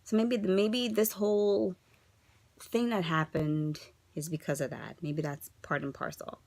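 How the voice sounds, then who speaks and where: A woman's voice: on the low side, level tone, a little slow, a little mellow, dry recording. A woman in her thirties vlogging an upset, rambling update, asking frustrated rhetorical questions while holding herself together. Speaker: vlogger sharing a fertility journey update. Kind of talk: casual confessional vlog.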